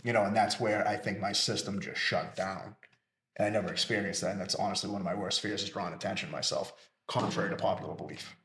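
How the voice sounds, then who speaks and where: A man's voice: on the low side, fairly even intonation, quick pace, fairly bright tone, reverberant. A man co-hosting a podcast, telling a personal story candidly and swearing freely. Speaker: podcast co-host. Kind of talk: casual chat.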